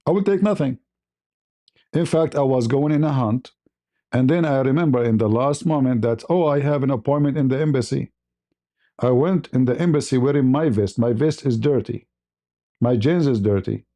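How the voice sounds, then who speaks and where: A man's voice: medium pitch, moderate pace, warm tone. A man who is not a native English speaker, hosting a live stream and telling casual stories with frequent laughter. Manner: laughs often while telling anecdotes. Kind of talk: casual storytelling.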